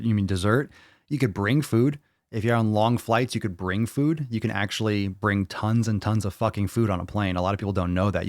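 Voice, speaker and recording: A man with a lowish voice, recorded dry and close, running a casual live fitness Q&A. He reads out viewer questions and answers them bluntly, swearing freely. The delivery is loose, offhand and unscripted. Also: dry recording. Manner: blunt and profane, reads questions aloud then rants.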